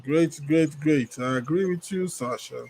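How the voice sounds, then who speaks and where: A man hosting a podcast, reading out listener comments in a relaxed, chatty way. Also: fairly high pitch, measured pace, husky, rough recording. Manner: relaxed, chatty, laughs while reading names. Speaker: podcast host.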